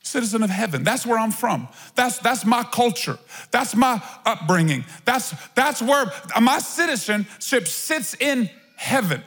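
A man preaching a sermon to his church, animated and conversational, with casual asides to the congregation. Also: extremely high pitch, a little slow, slightly rough. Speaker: pastor. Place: church auditorium. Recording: long reverb of a large hall.

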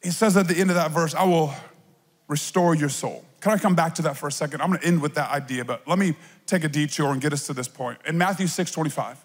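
A man preaching a lively sermon as a pastor, acting out little voices and playful asides. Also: fairly high pitch, quick pace, slightly rough, in a large hall.

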